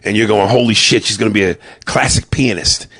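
A man's voice: fairly low pitch, no echo. A middle-aged man from New York with a New York accent, telling profane stand-up stories about his kids and acting out their voices. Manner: loud, profane, acts out family members in quick voices. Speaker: stand-up comedian. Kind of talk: stand-up storytelling.

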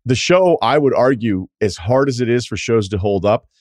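A man's voice: medium pitch, animated, moderate pace, a little mellow, no echo, studio quality. A middle-aged man hosting a podcast, chatting casually and giving strong opinions with the odd swear word. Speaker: podcast host. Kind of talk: casual chat.

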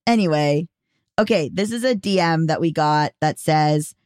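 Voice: mid-range voice, normal speed, a little mellow, clear, resonant tone, no room sound, studio quality. A podcast host chatting casually and reading listener mail, rambling and self-deprecating with frequent restarts. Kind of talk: casual solo podcast talk.

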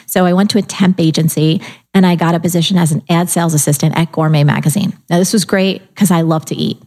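A middle-aged woman telling her life story in casual conversation, animated, acting out her own inner voice and the people she quotes. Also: lowish voice, fast.

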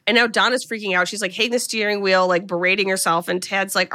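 A woman's voice: medium pitch, steady tone, fast talker, few pauses, bright, forceful tone. A woman co-hosting a podcast in casual chat, retelling a film's plot in a chatty way, swearing casually and quoting characters with small voice shifts. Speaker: podcast co-host.

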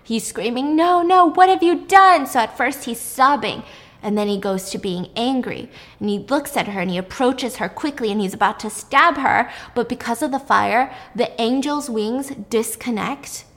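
Animated young woman retelling a movie. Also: on the high side, moderate pace, big-room sound. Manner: animated, swears casually. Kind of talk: casual film plot recap.

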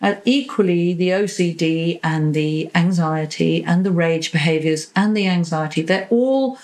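Animated woman therapist on a podcast. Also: on the low side, unhurried, low-quality recording. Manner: animated, acts out voices in examples. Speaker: psychosexual and relationship therapist, guest. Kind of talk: conversational podcast interview.

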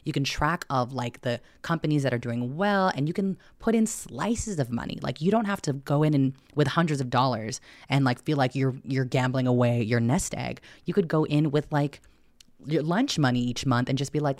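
A woman's voice: very deep voice, normal speed, a little mellow, no room sound, clean studio sound. A woman who is a personal finance guest on a casual podcast, talking in a candid, chatty way and swearing now and then.

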